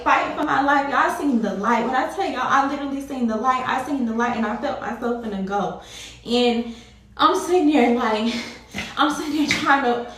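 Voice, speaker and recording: A woman with a somewhat high voice talks straight to her viewers in a casual storytime. She is emphatic and circles back over her points. The room rings with heavy echo. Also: fairly bright tone, recorded from a distance, slight background noise. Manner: emphatic and repetitive, often addressing viewers directly. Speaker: vlogger telling a personal story. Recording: very echoey room.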